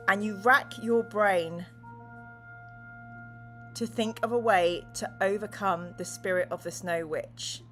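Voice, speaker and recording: A woman's voice: medium pitch, fairly bright tone. A woman streamer reading a gamebook aloud to her live chat, playful and dramatic as she chats with viewers. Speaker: streamer and host. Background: music.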